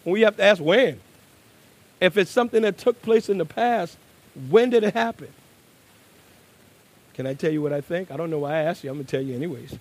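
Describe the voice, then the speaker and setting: Preaching with no room sound, a man lowers his voice to a hush, then works up to loud, insistent bursts, slowing down whenever he reaches a key word.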